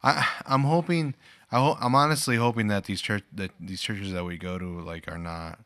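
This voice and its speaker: A man co-hosting a casual podcast, talking earnestly and trailing off softly. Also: on the low side, steady tone, normal speed, dry recording. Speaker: podcast co-host. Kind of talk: casual chat.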